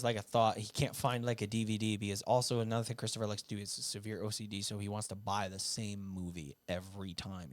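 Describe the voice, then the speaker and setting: A man from upstate New York telling family stories as a guest musician, relaxed, laughing often and swearing freely. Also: fairly low pitch, no echo. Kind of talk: casual storytelling.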